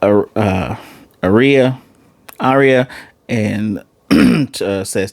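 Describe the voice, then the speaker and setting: A man casually recapping and reviewing an anime episode, excitable and animated, often jumping into high-pitched voices to retell scenes. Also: slow, creaky, pauses often, dry recording. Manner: excitable, laughing reactions, restarts.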